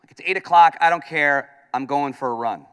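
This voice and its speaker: A man's voice: on the high side, fairly quick, smooth, lo-fi sound. A man from upstate New York working as a radio host, giving a comedic speech in a large conference hall and acting out his own lines as he tells stories. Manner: animated storytelling, acts out his own lines. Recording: long hall reverb.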